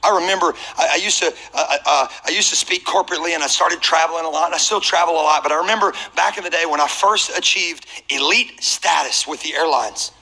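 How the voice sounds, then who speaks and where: A man preaching as a pastor, telling a personal story in a humorous, animated way. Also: a little high, fast, creaky, hardly any pauses, rough recording.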